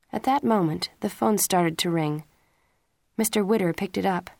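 A woman narrating a story in a steady, clear, scripted reading. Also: medium pitch, moderate pace, no room sound, clean studio sound.

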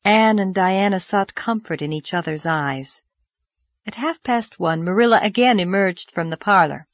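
A woman narrating a classic novel aloud in a measured, expressive storytelling voice. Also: mid-range voice, no room sound, clean studio sound. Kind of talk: audiobook narration.

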